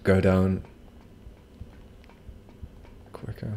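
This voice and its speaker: A man's voice: deep voice, little pitch movement, unhurried, mellow. A man casually commenting while streaming a video game, rambling with self-mocking jokes and asides to chat. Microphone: desk microphone.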